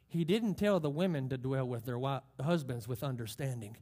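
A man's voice: mid-range voice, normal speed, hardly any pauses, a little mellow. A man preaching a sermon, emphatic, drawing out key phrases and asking the congregation questions. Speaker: pastor.

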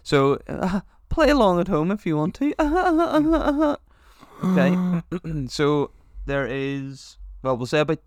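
A man's voice: sits high, big pitch swings, takes it slowly, no room sound, clean studio sound. A man co-hosting a podcast, teasing his friend and joking crudely in casual banter. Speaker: podcast co-host.

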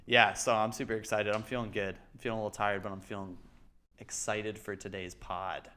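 A man's voice: fairly low pitch, little pitch movement, brisk, sharp tone. A man co-hosting a casual podcast, telling a story about himself in an upbeat, self-mocking way. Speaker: podcast co-host.

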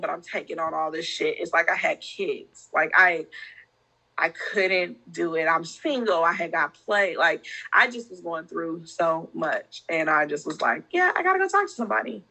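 A woman with a strikingly bright, sharp-edged voice talks as a guest on a conversational podcast. She speaks openly and from the heart, telling her story in an animated, casual way. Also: fairly low pitch, low-quality recording.

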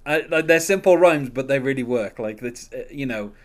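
Man, podcast host, casual rambling chat, lots of fillers, mid-pitched. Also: lively intonation, normal speed. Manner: rambling, many fillers and restarts, laughs often. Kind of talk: casual music discussion.

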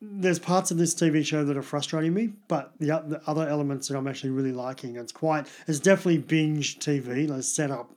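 Male co-host, chatty and rambling, fairly high-pitched, casual banter. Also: fast talker, few pauses, a little mellow. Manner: chatty, rambling, self-deprecating. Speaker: podcast co-host. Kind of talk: casual chat about TV and movies.

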